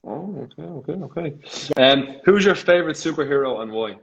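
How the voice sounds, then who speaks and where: A man hosting a casual live video call interview, laughing often and firing off quick playful questions. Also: a little high, animated, vocal fry. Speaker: host. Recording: slightly dull video call audio.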